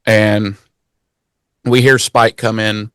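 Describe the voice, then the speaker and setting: A man co-hosting a podcast, casually recapping a TV episode with crude jokes and quick character impressions. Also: lowish voice, level tone, a bit bright, smooth, no room sound. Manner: profane, jokey, acts out characters in quick voices. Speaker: podcast co-host.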